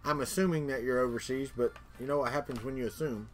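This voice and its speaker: A fast-talking livestream host with a medium-pitched voice chats casually with viewers over soft background music. He's a middle-aged Floridian with a Southern accent who rambles, repeats words, and laughs along.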